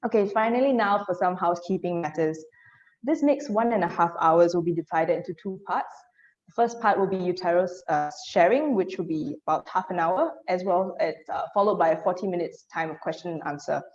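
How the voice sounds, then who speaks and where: A woman's voice: on the low side, a little fast, a little mellow, dull audio. A woman moderating a webinar, giving orderly announcements with a few fillers. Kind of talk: hosting announcements.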